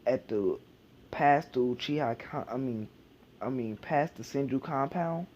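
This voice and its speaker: A man playing a calm ninja father. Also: medium pitch, unhurried, slight background noise, close to an everyday voice. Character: adult male ninja leader, the boy's calm father. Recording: dull lo-fi home recording.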